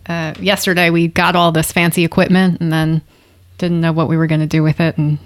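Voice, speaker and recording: A woman's voice: sits low, level tone, a little fast. A woman co-hosting a podcast, chatting and explaining topics in a casual way. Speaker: podcast co-host.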